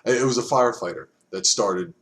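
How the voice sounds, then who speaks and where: A man's voice: fairly low pitch, brisk, fairly bright tone, a little hiss or hum. A man casually recounting grim work stories on a podcast, blunt and profane. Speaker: podcast host, former officer. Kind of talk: casual storytelling chat.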